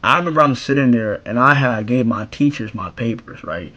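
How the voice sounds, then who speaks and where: A young man with a husky, breathy voice tells a casual storytime rant full of slang and swearing. He swings between loud, high outbursts and quiet, muttered asides, and his voice sits at an ordinary middle pitch. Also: animated, fairly quick, muffled recording. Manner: slangy and profane, bursts of loud high exclamations between low mumbled asides. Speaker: streamer telling a story.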